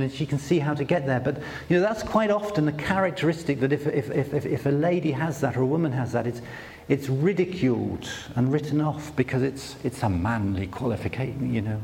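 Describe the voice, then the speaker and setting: A man speaking at a conference, telling stories in a relaxed, self-deprecating way. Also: mid-range voice, big-room sound, slight background noise. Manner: conversational, self-deprecating storytelling with many restarts. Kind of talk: sermon-style talk.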